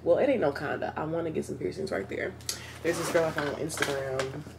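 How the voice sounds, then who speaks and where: A woman's voice: deep voice, steady tone, brisk, background noise. A woman vlogger chatting candidly and rambling straight to her viewers from inside a car. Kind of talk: casual self-filmed vlog chat.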